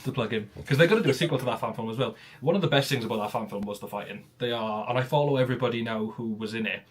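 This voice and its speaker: A man's voice: medium pitch, racing, breathy edge. Rambling young man. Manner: rambling, many restarts. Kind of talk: casual chat.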